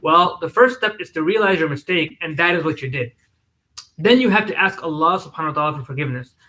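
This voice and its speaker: A man voicing a caring older sister who gently advises her younger brother. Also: on the high side, fast talker, rough recording. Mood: advising.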